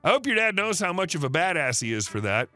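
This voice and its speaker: A man's voice: high voice, sing-song, quick pace, pushed and bright, faint music behind. A man reading online stories aloud as the narrator of a channel, with a snarky, mocking delivery. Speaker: story narrator.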